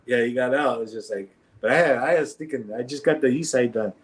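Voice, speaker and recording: A guest storyteller with a medium-pitched voice tells a street story at a fairly quick clip in casual conversation. He is animated, laughs often, and acts out other people's voices.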